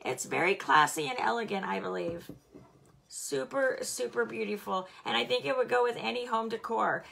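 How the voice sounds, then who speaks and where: A chatty, bubbly woman giving a live product demo, slightly hoarse from hollering and laughing often. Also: a little high, moderate pace, fairly bright tone, a little hiss or hum. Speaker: home fragrance seller.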